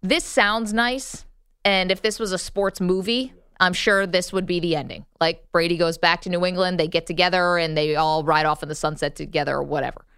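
An opinionated woman co-hosting a sports talk show, pressing her football arguments in casual debate. Her voice sits a touch low and sounds smooth and dry, close to the mic. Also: steady tone, brisk, fairly bright tone, dry recording. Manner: opinionated, argues points with laughs.

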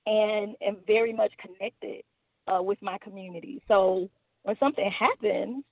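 A woman's voice: medium pitch, fairly even intonation, normal speed, dry recording. A woman from Houston, a community organizer talking earnestly as a podcast guest, with fillers and small laughs. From Houston, Texas. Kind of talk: casual podcast interview. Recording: tinny phone-like line.

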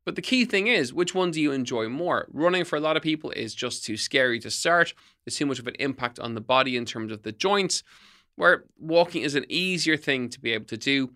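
A man's voice: mid-range voice, expressive, a little fast, sharp tone. A middle-aged man hosting a fitness podcast, giving tips in an emphatic coaching tone. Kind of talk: solo podcast talk, tips.

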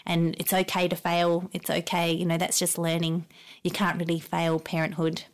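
A woman talks as a podcast guest in an earnest, reassuring way. Her voice sits a little low, and she speaks from the heart. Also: completely flat delivery, moderate pace. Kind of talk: earnest conversational interview.

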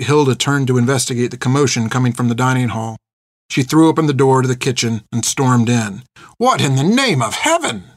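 A man's voice: medium pitch, no room sound. Man reading a story, dry sound. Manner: steady, measured reading. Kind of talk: audiobook narration.

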